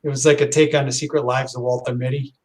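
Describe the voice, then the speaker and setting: A man reminisces on a live stream in a mid-pitched voice, wandering through old memories. He stumbles and restarts, keeping the flow easy. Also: level tone, quick pace. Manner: rambling, fond of nostalgia, stumbles and restarts. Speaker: regular co-host. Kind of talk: casual chat. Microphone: headphones with a computer mic on a call.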